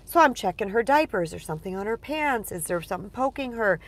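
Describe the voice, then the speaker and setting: A woman's voice: medium pitch, expressive, quick pace. A woman coach talking casually on a livestream, chatty and digressive, telling personal stories with animation. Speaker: relationship coach.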